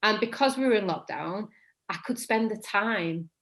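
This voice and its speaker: With a medium-pitched voice at a moderate pace, a Mancunian-accented woman in her thirties from England chats as a guest actor in a relaxed interview. Rambling and self-correcting, she says she tends to sound monotonous.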